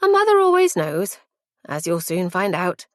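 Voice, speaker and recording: A woman narrator voicing a caring middle-aged mother, talking in a soft, tentative, motherly way. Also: lowish voice, wildly swooping pitch, normal speed, no room sound, studio quality. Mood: warm.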